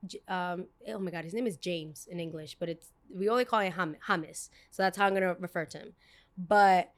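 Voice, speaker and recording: A young woman from New hosts a podcast. She tells a story in a casual, animated way and acts out the people she quotes. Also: lowish voice, quick pace. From United States, New York. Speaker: podcast host. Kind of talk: storytime chat.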